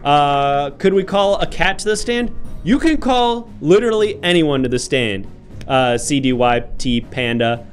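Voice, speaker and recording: A man hosting an improv comedy livestream as a mock-formal judge, thanking viewers and questioning defendants, with a somewhat high voice over soft music. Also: lively intonation, a little slow. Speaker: host playing a judge.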